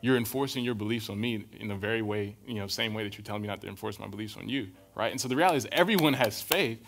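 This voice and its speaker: A young adult man preaching a relaxed, conversational sermon, telling stories and often checking in with his listeners. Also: on the low side, fast talker, gravelly. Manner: casual, storytelling, keeps checking in with "right?".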